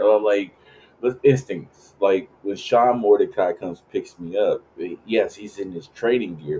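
A man's voice: low-pitched, darkish tone, a little hiss or hum, poor audio. A man in his late thirties hosting a podcast, rambling casually and swearing freely. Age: late 30s. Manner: rambling, profane, laid-back. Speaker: podcast host.

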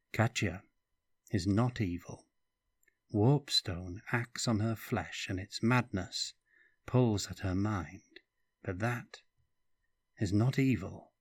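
A man reading a calm, stern woman wizard. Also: fairly low pitch, slightly rough, no room sound. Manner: calm, measured, quiet.

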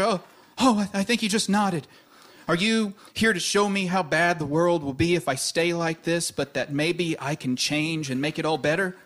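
A man's voice: fairly high pitch, steady tone, moderate pace, fairly bright tone. A man hosting a live radio comedy show, playing a grumpy holiday skeptic with blustery comic energy. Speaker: host. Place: stage before a live audience.

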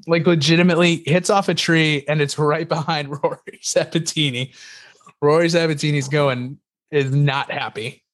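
A man co-hosting a casual podcast, telling stories animatedly with frequent laughs and fillers. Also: mid-range voice. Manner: animated storyteller, laughs often, many fillers. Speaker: podcast co-host. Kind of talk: casual chat.

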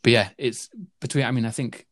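A man's voice: medium pitch, fairly even intonation, a little fast, dry recording. A man in a casual film chat, rambling with lots of fillers and restarts.

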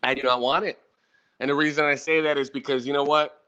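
A man's voice: fairly high pitch, fairly even intonation, fast, pushed and bright, smooth. Profane ranting man in his thirties. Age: 30s. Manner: profane, ranting, talks to the audience. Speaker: podcast host. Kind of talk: casual podcast chat. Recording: dull lo-fi audio.

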